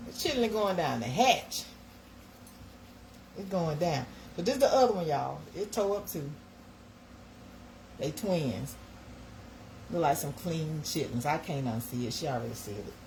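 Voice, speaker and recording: A woman's voice: deep voice, darkish tone, slight background noise. A woman hosting a casual livestream, chatting folksily with her viewers while she makes breakfast. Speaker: livestream host.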